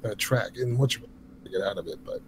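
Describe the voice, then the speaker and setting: A man's voice: on the low side, brisk, background noise. A man calling into a live stream, rambling loosely with lots of fillers. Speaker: caller. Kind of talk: casual call-in chat.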